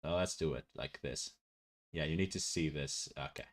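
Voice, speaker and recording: A man's voice: rumbling low, normal speed. A male VTuber streamer chatting casually, rambling and laughing often.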